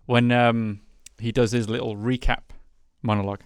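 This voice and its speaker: A man co-hosting a podcast in a casual chat, eager and quick to agree. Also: medium pitch, flat delivery, smooth, no echo, clean studio sound. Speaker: podcast co-host.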